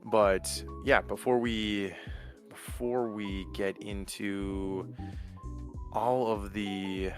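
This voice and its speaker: A man's voice: fairly low pitch, little pitch movement, drawn-out words, over music. A man hosting his podcast in a chatty, rambling way with lots of fillers, getting over an illness with an occasional cough. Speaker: podcast host. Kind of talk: casual solo podcast talk.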